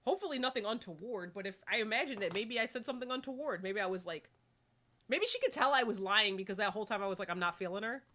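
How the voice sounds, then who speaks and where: A young woman live-streaming a game, chatting casually and excitably and breaking into squeals. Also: mid-range voice, fast talker.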